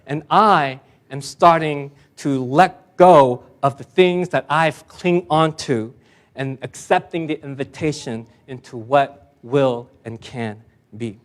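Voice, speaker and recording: Self-deprecating pastor, emphatic at the close. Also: male voice, on the high side, a little slow. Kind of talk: sermon.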